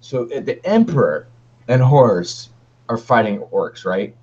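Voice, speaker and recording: A man's voice: mid-range voice, lively intonation, unhurried, darkish tone. A man co-hosting a wargaming podcast in a laid-back, rambling chat with many fillers. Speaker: podcast co-host. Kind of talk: casual chat. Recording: dull lo-fi stream audio.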